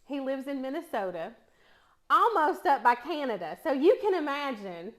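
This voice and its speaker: Middle-aged woman, East Tennessee accent, slightly high voice, relaxed cooking-vlog chatter with frequent laughs. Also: normal speed. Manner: chatty storyteller, laughs often. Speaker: cooking vlogger. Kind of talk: casual chat while cooking.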